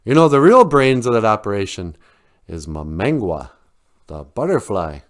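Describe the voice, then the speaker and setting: A man's voice: lowish voice, sing-song, normal speed. A man voicing a sly, joking male fox trickster who talks in teasing, boastful slang.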